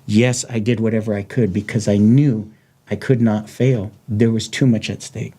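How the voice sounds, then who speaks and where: A man's voice: lowish voice, fairly even intonation, normal speed, mellow, breathy edge. A middle-aged man and former lawman hosting a podcast, speaking in a raw, blunt, heartfelt way. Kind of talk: candid podcast conversation.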